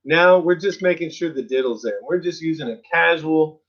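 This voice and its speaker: A man teaching an online drum lesson in a percussion studio, counting beats aloud in an encouraging, relaxed way. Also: a little high, moderate pace, muffled recording.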